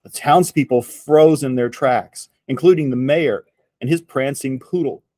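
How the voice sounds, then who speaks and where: A man reading a picture book aloud to children in an expressive storytelling voice. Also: medium pitch, no room sound. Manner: slow, expressive read-aloud.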